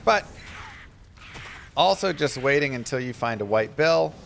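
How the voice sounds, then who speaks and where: A man's voice: medium pitch, lively intonation, unhurried, creaky, a bit bright, slight background noise. A man chatting casually on a live stream while playing a game, telling stories and reading chat between play. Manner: chatty, anecdotal, reads chat aloud.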